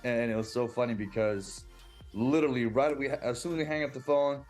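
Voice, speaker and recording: A man's voice: medium pitch, fairly even intonation, a little fast, darkish tone, soft background music. Earnest man in his forties, storytelling. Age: 40s. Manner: earnest, emotional, many restarts, acts out quoted speech. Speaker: basketball coach. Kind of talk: interview storytelling.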